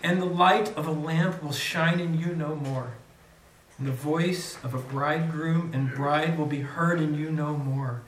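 A preacher with a fairly high voice reads scripture with dramatic swells and then explains it to his congregation. He sits back from the mic, so the reverberant room carries his voice. A faint hum of room ambience lies underneath. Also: steady tone, measured pace. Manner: dramatic reading, rising loud on quoted cries. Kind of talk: scripture reading and sermon. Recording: echoey room, mic from a distance.

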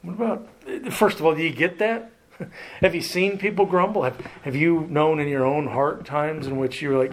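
A man preaching a sermon in a slow, deliberate way, asking his listeners direct questions and letting his phrases trail off softly. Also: fairly high pitch, fairly even intonation.

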